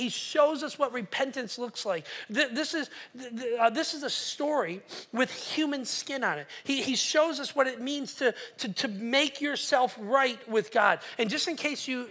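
A pastor preaching a sermon at a church service, telling a story with animated energy, acting out voices and stumbling into quick restarts. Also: medium pitch, slightly rough.

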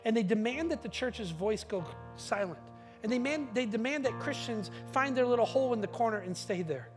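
Over music, a man with a very high voice preaches as a pastor, animated and a little fast. His sermon swings between emphatic, forceful climaxes and quiet asides, and he tends to repeat a word when restarting a sentence.

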